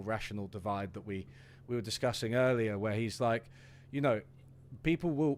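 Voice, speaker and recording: A man, a guest talking through an economics idea in a loose, rambling way with restarts and fillers. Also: mid-range voice. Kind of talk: casual discussion.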